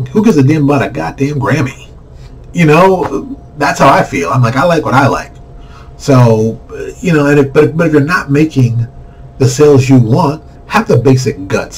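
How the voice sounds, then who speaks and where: A man's voice: medium pitch, darkish tone, distant mic, poor audio. A man hosting his own channel, giving a blunt, ranting talk and mocking the voices of the people he criticizes. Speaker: comic book creator and channel host. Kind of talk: blunt vlog rant.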